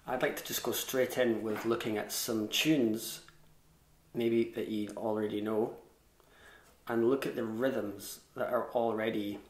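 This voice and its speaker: Male fiddle tutor, lowish voice, casual and self-deprecating, echoey room. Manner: chatty and self-deprecating, with scat-sung rhythms. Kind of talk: relaxed online music lesson.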